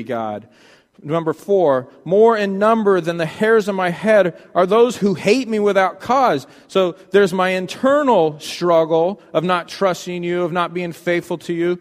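A man preaching a sermon, swinging from loud pleading passages to hushed, quiet ones. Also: fairly high pitch, a little slow, big-room sound. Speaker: pastor.

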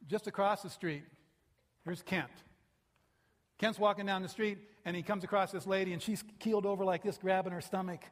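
A man's voice: sits high, normal speed, slight background noise. A male pastor preaching a sermon and telling stories with animation. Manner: animated, acts out the people in his stories. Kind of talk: sermon storytelling. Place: church sanctuary.

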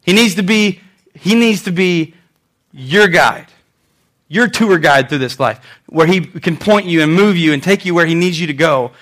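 A man preaching a sermon as pastor, animated, swinging between loud and soft, acting out quotes. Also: on the high side, moderate pace.

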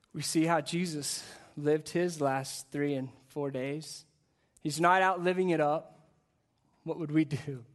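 A man delivers a sermon at a church service, and his voice sits a little high for a man. He speaks with energy and a chatty, conversational pull, often repeating words as he builds his point. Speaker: guest pastor.

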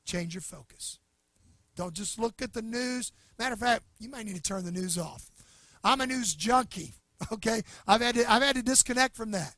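A male pastor preaching in a very high, bright, ringing voice. He drives points home loudly, then drops to a hushed near-whisper for the solemn lines, in a dry, close sound. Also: moderate pace, no room sound. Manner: emphatic preaching, swinging from loud to hushed. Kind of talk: sermon.

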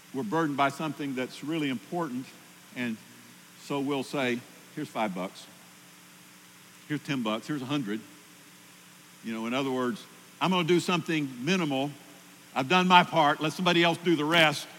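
Male pastor preaching with emphasis, mid-pitched voice, long hall reverb with a light background hum. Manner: emphatic, rises loudly at key points. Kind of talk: sermon.

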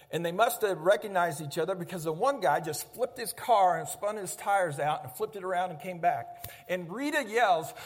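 High-voiced preacher in an echoing hall. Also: male voice. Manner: animated storytelling, acting out shouts. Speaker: pastor. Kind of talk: sermon. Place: church sanctuary.

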